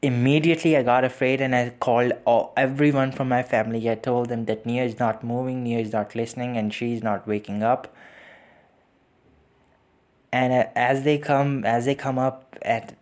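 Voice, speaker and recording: A man's voice: mid-range voice, fairly even intonation, a little mellow. Grieving man telling a sad story. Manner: halting, repeats himself, sighs often. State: grieving, close to tears. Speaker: podcast host. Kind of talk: personal reflective storytelling.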